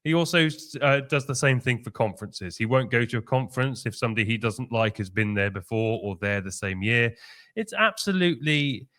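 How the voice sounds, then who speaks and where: A man co-hosting a podcast, blunt and brisk and a little out of breath. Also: medium pitch, expressive, fairly bright tone. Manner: blunt, brisk, talks over his co-host. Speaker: podcast co-host. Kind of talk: casual podcast chat.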